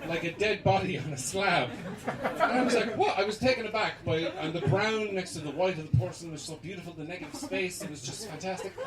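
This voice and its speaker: An Irish man doing a live stand-up set in a small club, bursting into loud acted-out voices. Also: sits high. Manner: animated, acts out characters in loud bursts. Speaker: stand-up comedian. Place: small basement comedy club. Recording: roomy live club recording from far off, loud crowd laughter.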